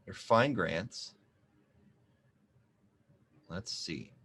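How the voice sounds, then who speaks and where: A man's voice: sits low, expressive, very slow, a bit bright. A man walks through an online application in a screen-share tutorial. He jokes and thinks aloud as he types. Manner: chatty and joking, thinking aloud while typing. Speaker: small business advisor demonstrating an application.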